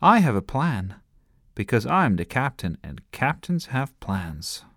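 A man voicing a bossy little girl who plays pirate captain, loud and sing-song. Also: mid-range voice, sing-song, measured pace, no echo, studio quality, pitched above the performer's own voice, heavily acted.

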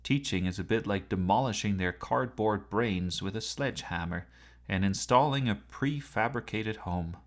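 A man narrating a storybook with an expressive reading style. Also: on the low side, moderate pace.

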